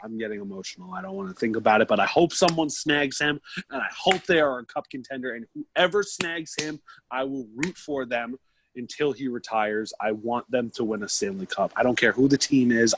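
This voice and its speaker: A man's voice: mid-range voice, lively intonation, normal speed, noisy background. A young man co-hosting a casual podcast from a basement, rambling and emotional with a joking streak. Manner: rambling, emotional, jokey storytelling. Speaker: podcast co-host.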